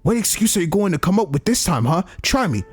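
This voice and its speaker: A man's voice: high-pitched, very animated, fast, voice pushed up. A man reading aloud the angry, cursing lines of a young woman agent from a game. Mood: furious.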